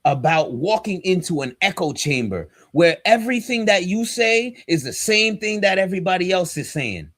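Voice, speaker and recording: A man's voice: high voice, big pitch swings, normal speed, few pauses, a bit bright, dry recording, studio quality. A man, a pastor and podcast co-host, talking in a casual but preachy, emphatic and slangy way. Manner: emphatic and fired up, slangy and direct.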